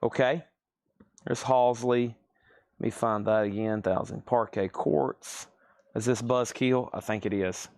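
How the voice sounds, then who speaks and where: A man's voice: lowish voice, steady tone, a little slow, darkish tone, dry recording. A man hosting a live record sale, calling out titles and prices, addressing buyers by name and adding chatty, self-deprecating asides. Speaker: host selling records on a livestream. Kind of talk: live auction sales patter.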